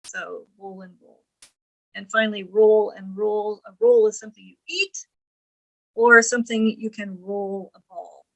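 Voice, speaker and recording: A woman's voice: mid-range voice, flat delivery, creaky, muffled recording. A woman lecturing on English grammar, reading examples aloud and explaining them with frequent ums and uhs. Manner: slow, deliberate, reads quoted lines slowly; frequent fillers like um and uh.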